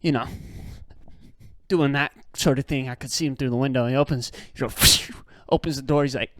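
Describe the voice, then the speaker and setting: A man's voice: medium pitch, fairly even intonation, a little fast, pauses often, dry recording, studio quality. A young man hosting a podcast, telling a rambling, exasperated story in casual slang. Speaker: podcast host. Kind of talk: casual comedic rant.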